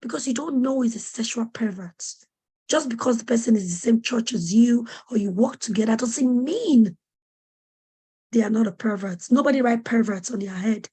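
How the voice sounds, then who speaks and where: Husky-voiced woman urging parents earnestly. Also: a little high, normal speed, warm tone. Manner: urgent, preacherly, repeats questions for emphasis. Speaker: webinar presenter on parenting. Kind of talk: earnest teaching talk to parents.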